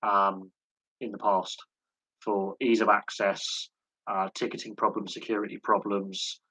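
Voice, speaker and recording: A man's voice: fairly low pitch, level tone, a little slow, sharp tone, husky, no echo, low-quality recording. A man hosting a live sports chat stream, talking in a rambling way with many fillers and repeated words. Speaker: host.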